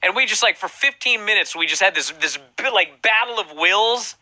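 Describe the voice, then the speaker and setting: Animated, bright-voiced male podcast host. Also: sits high, moderate pace, rough recording. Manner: animated, profane storytelling. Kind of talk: casual chat.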